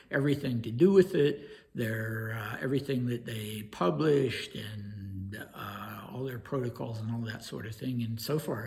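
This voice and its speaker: A man with a gravelly, creaky edge to his mid-pitched voice hosts a history channel. He talks loosely and unscripted, circling back with fillers and restarts as he works through his thoughts. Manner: hesitant, many fillers and restarts. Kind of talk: casual spoken commentary.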